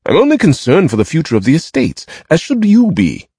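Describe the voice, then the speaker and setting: A man's voice: on the high side, huge pitch swings, a little fast, dark tone, breathy edge, dry recording, clean studio sound, voice pushed up, heavily acted. A man voicing a haughty, mocking young plantation master who talks with cruel, theatrical scorn. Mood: indignant.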